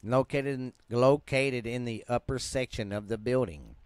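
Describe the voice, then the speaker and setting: A podcast host with a Southern US accent casually reads ghost stories aloud, often stumbling and restarting words in a laid-back, yawning way. His medium-pitched voice is clear, resonant and a little mellow at a moderate pace, in a dry recording.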